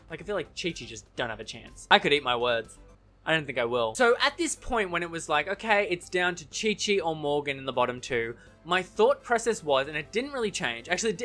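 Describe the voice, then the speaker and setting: A man casually giving his opinions in a TV recap vlog, chatty and animated, often correcting himself mid-sentence and laughing easily. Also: on the high side. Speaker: TV recap vlogger.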